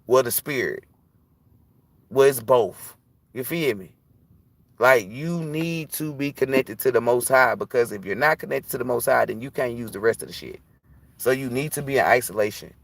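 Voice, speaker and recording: Gravelly, blunt man preaching on a livestream. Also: medium pitch, normal speed, dry recording. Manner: blunt, profane, preachy storytelling. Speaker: tarot reader. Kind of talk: casual livestream talk.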